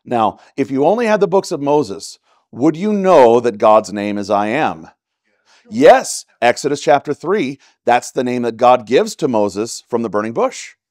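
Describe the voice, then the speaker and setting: A man's voice: mid-range voice, very animated, unhurried, a little mellow, no echo, clean studio sound. A man with a Texan accent teaching a church Bible study in a conversational way, often checking in with "right?". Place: church classroom.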